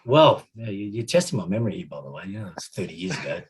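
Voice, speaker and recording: An Australian man in his fifties tells old football stories at a quick clip. His voice is husky, and he rambles through anecdotes with chuckles and restarts. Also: deep voice, sing-song. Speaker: podcast guest, former footballer. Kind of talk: casual storytelling.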